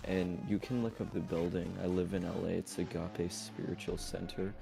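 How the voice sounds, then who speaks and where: A man's voice: low voice, little pitch movement, normal speed, vocal fry, music in the background. A man host chatting casually on a call, rambling with lots of fillers and restarts. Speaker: channel host debating on a call. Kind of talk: casual chat.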